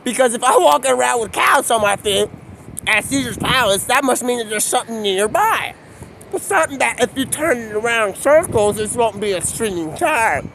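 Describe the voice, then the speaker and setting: A man's voice: very high voice, expressive, moderate pace, vocal fry, a bit bright, a little hiss or hum. A man live-streaming outdoors on his phone, talking in a rambling, free-associating monologue that jumps from topic to topic. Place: outdoors on a city street.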